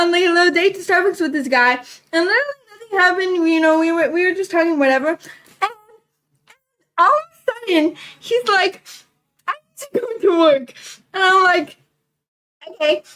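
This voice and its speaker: Breathless, high-voiced young woman rambling. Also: expressive, low-quality recording. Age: young adult. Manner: rambling, fast and loud, breathless. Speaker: vlogger. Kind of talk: casual storytime chat.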